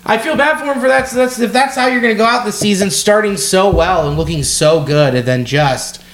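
Man, high voice, excitable sports chat, cusses a lot, echoey room. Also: brisk. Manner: excitable, swears freely, restarts phrases. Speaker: podcast co-host. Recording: roomy echo.

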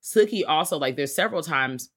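A podcast co-host in casual, slangy chat, recapping a TV series and acting out characters with big swings in pitch. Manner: animated, swearing, acts out characters with big pitch jumps; slangy, fast casual talk.

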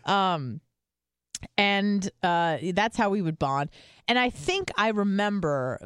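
A woman rambling through a casual podcast story, her voice smooth and resonant. She fills her talk with loose asides, recorded close and dry. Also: deep voice, no echo. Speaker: podcast co-host. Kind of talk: casual chat.

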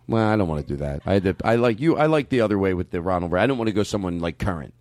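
A man's voice: low-pitched, expressive, a little mellow, no room sound. A man hosting a comedy podcast, rambling and joking with a loose, swearing delivery. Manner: rambling, jokey, swearing, quick laughs. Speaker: podcast host.

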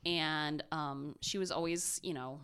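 Young woman, podcast co-host, rambling storyteller, lowish voice. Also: measured pace, a bit bright, smooth. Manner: chatty, rambling with fillers and laughs. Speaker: podcast co-host telling a true crime story. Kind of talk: casual chat.

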